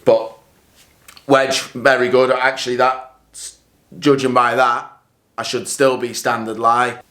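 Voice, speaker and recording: A man's voice: medium pitch, slow, a little hiss or hum. A man in a casual golf vlog, chatting and reacting as he hits practice shots, sometimes a bit out of breath. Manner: chatty, self-critical, bursts of excited exclamations. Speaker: golf vlogger. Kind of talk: casual vlog commentary while hitting shots.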